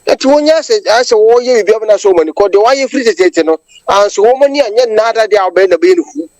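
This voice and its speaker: A woman's voice: mid-range voice, lively intonation, fast talker, darkish tone, no echo, rough recording. A Ghanaian woman calling in to a radio show, delivering a long impassioned monologue that switches between English and Twi. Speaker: caller. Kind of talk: phone-in political commentary.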